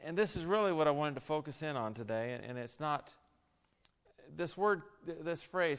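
A male pastor preaching a sermon, moving between quiet scripture reading and loud, emphatic exhortation. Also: on the high side, expressive, moderate pace, smooth. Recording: echoey, slightly dull hall recording.

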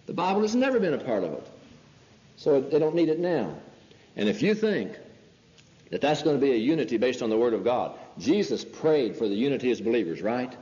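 Male preacher, mellow voice, pressing rhetorical questions; dull old recording in a reverberant hall. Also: medium pitch, big pitch swings, brisk. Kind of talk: sermon.

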